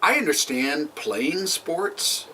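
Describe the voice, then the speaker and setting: A man's voice: a little high, sing-song, slow pace, recorded from a distance, noisy background. A man co-hosting a casual chat over drinks, teasing and laughing often. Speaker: podcast co-host.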